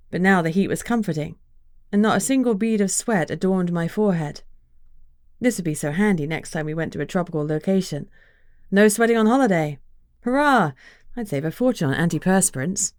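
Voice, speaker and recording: A woman narrates a first-person fantasy audiobook with a lower-pitched voice and an even, measured pace. The recording is dry and close, with no room sound. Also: no room sound.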